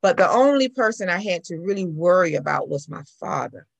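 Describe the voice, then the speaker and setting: A middle-aged woman tells her own story as an interview guest. Her voice sits low and gravelly, and it is recorded dry and close. She talks in an animated way. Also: fairly quick, no room sound, muffled recording. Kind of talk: personal account in conversation.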